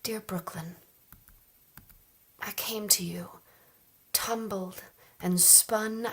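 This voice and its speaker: A woman at an open mic reading poems aloud in a soft, measured way, dropping into hushed, whispered phrases. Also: medium pitch, husky. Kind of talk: poetry reading.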